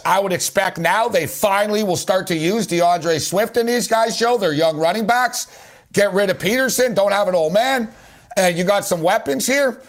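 A male sports talk radio host with a fairly high voice talks fast and with animation. He argues his football opinions hard and keeps addressing his guest by name.

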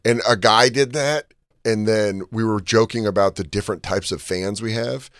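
Man telling animated stories, dry sound. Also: fairly low pitch, normal speed, no echo. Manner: animated storyteller, shouting out fans' lines. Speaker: podcast co-host. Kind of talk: casual chat.

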